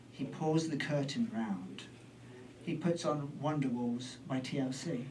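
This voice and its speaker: A man's voice: mid-range voice, normal speed, distant mic, a little hiss or hum, poor audio. A British man doing storytelling stand-up on a club stage, rambling and self-deprecating with trailing asides. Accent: British English. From Britain. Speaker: stand-up comedian.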